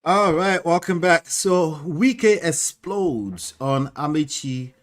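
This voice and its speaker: A man's voice: fairly high pitch, lively intonation, takes it slowly. A man co-hosting a news show, upbeat and chatty as he runs the intros and sign-offs.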